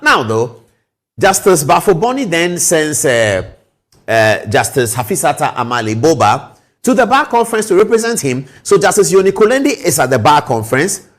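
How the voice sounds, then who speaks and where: A man hosting opinionated news commentary, emphatic and full of rhetorical questions. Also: mid-range voice.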